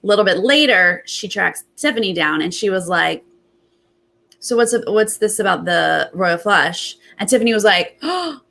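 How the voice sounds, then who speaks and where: A young adult woman hosting a casual recap, retelling events in animated bursts and quoting others. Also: medium pitch, moderate pace, vocal fry. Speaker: host.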